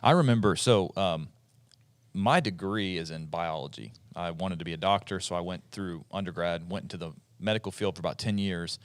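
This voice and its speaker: A man's voice: sits low, a little fast, dry recording. A man in his forties hosting a casual podcast discussion, chatty and explanatory, often restarting his sentences. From eastern United States. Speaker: podcast host.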